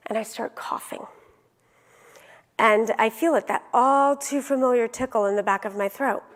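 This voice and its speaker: A woman's voice: on the high side, moderate pace, big-room sound. A young adult woman giving a motivational keynote, telling a personal story vividly and acting out the dialogue.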